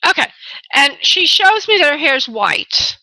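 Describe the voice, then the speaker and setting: Bright-voiced woman radio medium. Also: high-pitched, big pitch swings, a little slow, no echo. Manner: soothing, calls caller honey and sweetheart. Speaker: spirit medium radio host. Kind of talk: call-in psychic reading. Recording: dull lo-fi call-in radio audio.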